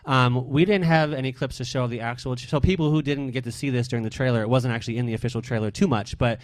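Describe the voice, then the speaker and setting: Expressive guy hosting a radio chat, ordinary pitch, dead dry mic. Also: fast, no room sound. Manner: expressive, emotional, rambling questions. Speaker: radio show host. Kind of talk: casual interview.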